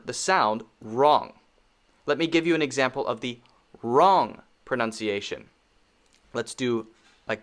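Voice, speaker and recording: Slow, patient man teaching pronunciation. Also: on the high side, fairly bright tone. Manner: patient, repeats words many times for learners. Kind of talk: slow, deliberate pronunciation lesson.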